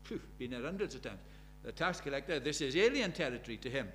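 An older man preaching a sermon, earnest, swinging between quiet reflection and emphatic, pleading passages. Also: mid-range voice, sing-song, quick pace. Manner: earnest, swinging between soft and emphatic, acts out quoted prayers.

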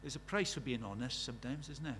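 A man's voice: mid-range voice, fast talker, a bit bright, a little hiss or hum. A man preaching a sermon in a conversational way, asking the congregation many questions and reciting scripture with rising force.

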